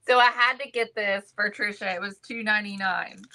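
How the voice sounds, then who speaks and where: Speaking a little fast with a sharp tone and fairly even intonation, a woman with a medium-pitched voice runs a crafting livestream. She chats casually about thrifted items and greets viewers by name, in a low-quality recording.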